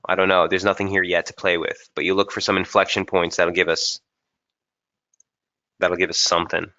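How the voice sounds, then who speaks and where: Casual male webinar presenter, low and forceful voice, muffled stream audio, thinks aloud. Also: level tone, moderate pace. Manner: casual, thinking aloud with frequent fillers and restarts. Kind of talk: live chart analysis webinar.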